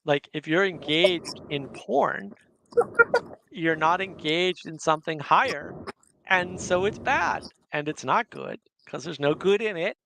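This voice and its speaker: A man's voice: on the high side, a little slow, creaky, sharp tone, a little hiss or hum. A man hosting a casual livestream, chatting and reading viewer comments aloud. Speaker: livestream host.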